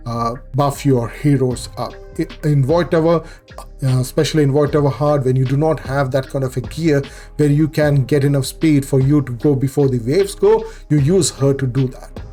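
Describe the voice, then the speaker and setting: A man's voice: medium pitch, mellow. A man hosting a gaming channel, explaining a game guide casually and often repeating and correcting himself with fillers.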